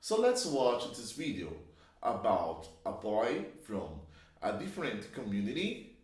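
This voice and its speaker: A man's voice: mid-range voice, huge pitch swings, measured pace. A man teaching English grammar, explaining patiently and drawing out each example sentence. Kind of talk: slow, clear classroom explanation. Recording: echoey room.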